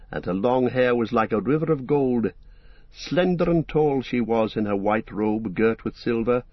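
A man's voice: fairly low pitch, dry recording. Solemn male audiobook narrator. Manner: measured, solemn storytelling. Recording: dull dry lo-fi recording.

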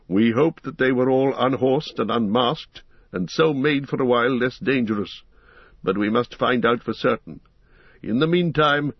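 A man voicing an ancient male wizard, speaking in a grave, measured and authoritative way. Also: mid-range voice, dry recording, lo-fi sound, lightly acted.

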